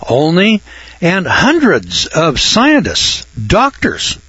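A man's voice: on the high side, wildly swooping pitch, takes it slowly, fairly bright tone, husky, no room sound, highs cut off. A man hosting a radio talk show, ranting in a folksy, indignant way. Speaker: radio host.

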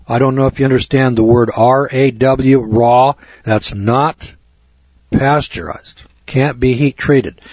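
A man's voice: mid-range voice, a little mellow, husky, no room sound, dull audio. A man giving a lecture, reading aloud from a text and adding emphatic, preachy commentary with mocking asides to his audience.

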